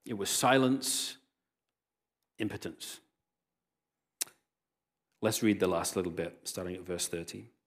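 A male pastor preaching a sermon, reading scripture aloud and retelling the story with lively voiced quotes. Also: low-pitched, slow pace, long pauses. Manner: animated storytelling, voicing quoted characters.

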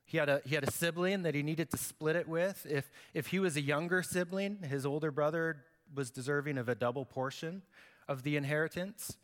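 A man's voice: on the high side, fairly quick. A man preaching a sermon as pastor, conversational and joking, acting out the quotes he reads. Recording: long hall reverb.

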